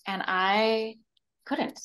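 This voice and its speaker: A woman's voice: a little high, steady tone, extremely slow, a bit bright, smooth, rough recording. A woman with a Canadian accent, a breathwork facilitator telling her personal story as a podcast guest, acting out her own past words.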